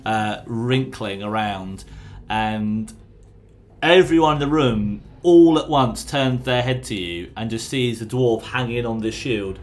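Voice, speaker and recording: A man's voice: mid-range voice, slow pace. Chatty game master man. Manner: chatty, apologetic, many fillers. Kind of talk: running a tabletop game.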